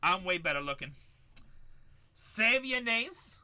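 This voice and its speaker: A man's voice: sits high, sing-song, takes it slowly. A middle-aged man hosting a live card break, hyping up the chat and repeating his calls. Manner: hyped, shouts up to the chat, repeats lines.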